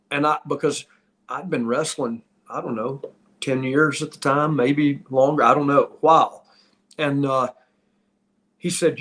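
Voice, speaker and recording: A former pro wrestler, now a middle-aged podcast host, rambles casually through wrestling stories with many restarts. His slightly high, somewhat bright voice keeps a steady tone at a normal speed.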